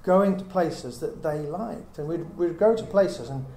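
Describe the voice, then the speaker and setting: A man's voice: on the high side, lively intonation, unhurried, mellow. A middle-aged man giving an earnest Bible teaching, reasoning aloud with many rhetorical questions. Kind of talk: teaching talk to a small group. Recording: echoey room with faint hiss.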